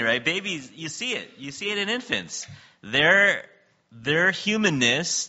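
A male pastor gives an animated sermon, and his pitch swings widely as he talks. His voice is strongly sharp and forceful, and he often checks in with the listeners. The recording sounds somewhat dull and lo-fi. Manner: animated, laughs often, keeps asking "right?".

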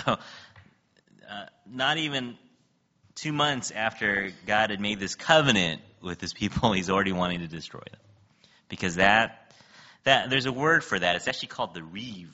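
A male pastor gives an animated sermon, and his pitch swings widely as he talks. His voice is strongly sharp and forceful, and he often checks in with the listeners. The recording sounds somewhat dull and lo-fi. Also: moderate pace. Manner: animated, laughs often, keeps asking "right?".

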